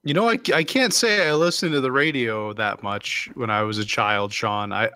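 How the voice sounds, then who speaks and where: A man co-hosting a podcast, talking in a halting way with restarts, casual banter. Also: mid-range voice, bright, forceful tone, no echo, clean studio sound. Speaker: podcast co-host.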